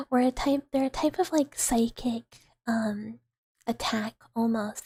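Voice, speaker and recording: A young woman streaming, softly whispering and giggling through her chat in a whispered role-play as a mouse character. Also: on the high side, slightly rough, no echo. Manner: soft whispery chatter with frequent giggles. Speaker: VTuber streamer. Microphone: close ASMR microphone.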